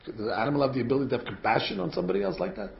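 A man's voice: mid-range voice, lively intonation, very fast, vocal fry. A man preaching a sermon as a rabbi, firing rhetorical questions and acting out quotes. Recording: echoey room, dull sound.

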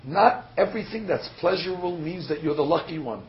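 A man's voice: a little high, animated, a little fast. A man preaching in a sermon that mixes in a story, emphatic and full of rhetorical questions, sometimes stumbling on fillers. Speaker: rabbi giving a sermon. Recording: dull lo-fi recording with faint ambience.

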